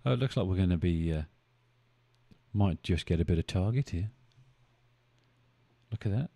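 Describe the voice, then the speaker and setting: A man's voice: low-pitched, expressive, normal speed, vocal fry, mellow. A man hosting a live stream, chatting casually, thinking aloud and bantering with his viewers as he goes. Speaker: live-stream trading host.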